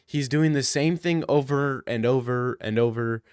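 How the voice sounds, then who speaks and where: A man's voice: medium pitch, fairly even intonation, a little slow, few pauses, clean tone, no room sound, studio quality. A young man ranting jokily in a mocking comedic style, full of slang. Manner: slangy, jokey, slips into mock street talk.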